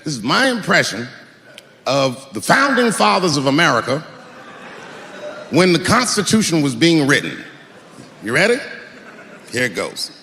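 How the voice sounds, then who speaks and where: A man performing live stand-up comedy, telling profane stories that swing into shouted rants. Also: fairly high pitch, sing-song, normal speed, long pauses, big-room sound, a little hiss or hum. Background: audience laughter.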